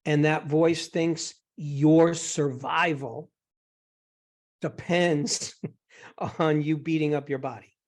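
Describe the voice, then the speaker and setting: A man hosting a coaching session, guiding his guest gently and reassuringly with examples. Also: fairly high pitch, steady tone, takes it slowly. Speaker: host and eating psychology coach.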